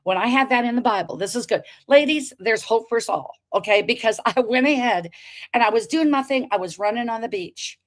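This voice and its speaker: A woman talks as a guest on a talk show, her voice sitting a little high. She tells her story with energy, acting out the quoted lines and calling out to the listeners between them. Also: fairly quick. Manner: expressive, acts out quoted dialogue, preachy asides to listeners.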